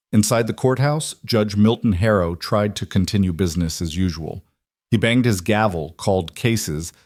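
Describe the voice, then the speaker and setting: A man giving a scripted story narration in a measured, dramatic way. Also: fairly low pitch, a little mellow, no echo, clean studio sound.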